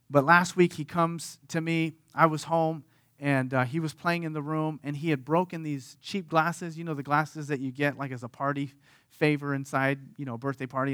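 A man in his thirties preaching a sermon as pastor, earnest, moving from hushed lines to animated storytelling. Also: fairly high pitch.

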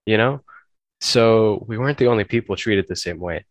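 A podcast host with a voice on the low side talks at a moderate pace, with no room sound in the recording. In a casual discussion, he speaks earnestly and bluntly, often correcting himself as he goes.

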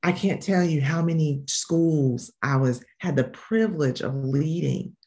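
Southern us woman being interviewed, earnest and emphatic, slows way down on the big points. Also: low voice, a little mellow. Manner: earnest, emphatic storytelling with slow stressed phrases. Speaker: guest, education consultant and coach. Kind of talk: conversational interview answers.

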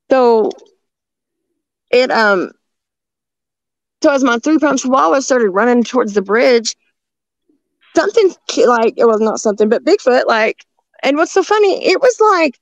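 A woman telling stories in a rambling, halting way, with many restarts, talking from a rural home near the woods. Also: fairly high pitch, no room sound, lo-fi sound. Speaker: guest telling encounter stories. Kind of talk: casual storytelling on a call-in show.

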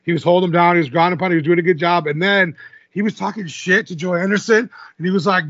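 A man's voice: high voice, fairly even intonation, quick pace, fairly bright tone, dry recording, muffled recording. A man co-hosting a podcast, recapping fight results in casual chat and laughing often. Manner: chatty, laughs often, filler-heavy. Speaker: podcast co-host.

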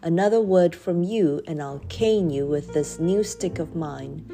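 A woman's voice: on the low side, a little slow, warm tone, faint music behind. A woman voicing a harsh, bullying male schoolmaster who barks orders and roars at children in a storybook reading. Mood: roaring. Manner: roaring, barking orders.

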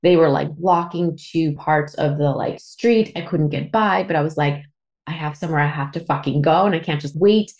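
Woman, 30s, from Canada, podcast host, lower voice, raw candid storytelling with swearing and fillers. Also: moderate pace, darkish tone. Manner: emotional, swearing, lots of fillers. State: tearful at times.

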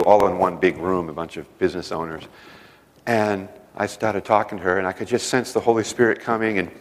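Earnest low-voiced male preacher in a hall. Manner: earnest storytelling, swings from loud emphasis to hushed near-whisper. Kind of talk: sermon with personal stories. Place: church service hall.

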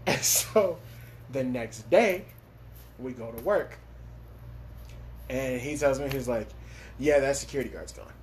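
A man's voice: medium pitch, lively intonation, slow, pauses often, darkish tone, a little hiss or hum. A young man from Los Angeles telling a story in casual podcast chat, laughing often and swearing freely. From Los Angeles, USA.

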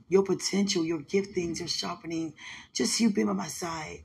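A young woman, talking affectionately and religiously to her partner and breaking into lively, laughing storytelling. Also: low-pitched, fairly quick, creaky, husky. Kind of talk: casual emotional chat.

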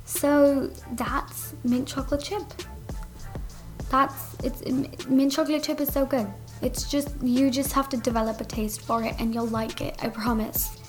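A woman's voice: high-pitched, steady tone, a little slow, faint music behind. A woman vlogging from home in a bubbly, gushing casual chat with her viewers, filling her talk with "like". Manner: bubbly, gushing, says "like" a lot. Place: at home with family over.

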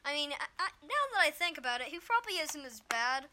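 A young woman telling a storytime vlog about bullies at school, rambling and exasperated with lots of fillers, slightly hoarse after being sick. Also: high-pitched, sing-song, quick pace, pushed and bright, a little hiss or hum. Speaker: vlogger.

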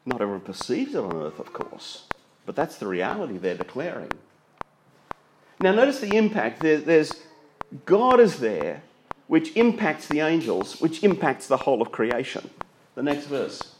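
A man's voice: medium pitch, sing-song, moderate pace, slight background noise, poor audio. A man preaching a sermon, reading scripture aloud and explaining it.

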